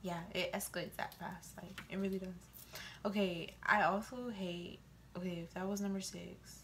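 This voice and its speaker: Chatty young woman with vocal fry. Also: on the low side, normal speed, a little hiss or hum. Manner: animated storytelling, quoting voices. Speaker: vlogger. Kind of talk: casual chat to camera.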